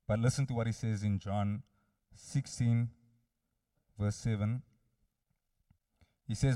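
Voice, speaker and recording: Male preacher, sermon, earnest direct address, low dark tone, slightly distant dry mic. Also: fairly even intonation, unhurried, pauses often, no room sound.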